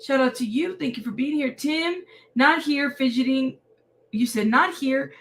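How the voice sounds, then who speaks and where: A woman's voice: sits high, measured pace, a bit bright, a little hiss or hum. A tired woman hosting a casual livestream and greeting viewers by name. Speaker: livestream host.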